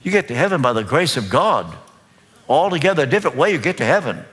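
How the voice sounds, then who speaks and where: A man with a Kentucky accent preaching a sermon as pastor, slow, deliberate and emphatic. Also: fairly high pitch, big pitch swings, fairly bright tone. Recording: long reverb of a large hall.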